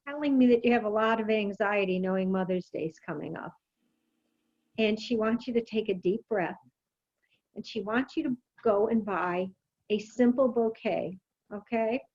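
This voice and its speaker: A woman medium giving a spirit message softly and reassuringly, often checking in with "okay?". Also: a little high, lo-fi sound. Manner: soft, reassuring, repeats "okay?". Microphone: video call.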